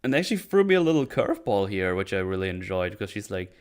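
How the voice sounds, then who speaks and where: A man's voice: fairly low pitch, expressive, fast talker, few pauses, smooth. A man hosting a casual movie discussion podcast, retelling scenes with acted-out quotes and swearing. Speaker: podcast host.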